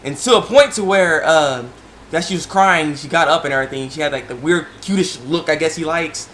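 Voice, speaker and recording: An excitable young man talks through an anime episode in a casual, rambling way, full of fillers and restarts. His voice sits a little high. A faint hiss runs under the recording. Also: brisk. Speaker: anime reviewer. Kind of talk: casual video review.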